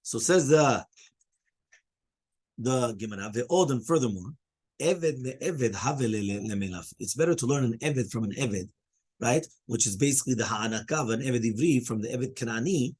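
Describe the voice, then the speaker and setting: A man teaching a Talmud class, animated and full of "okay?" and "right?", mixing Hebrew and Aramaic terms into English. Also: mid-range voice, normal speed, husky.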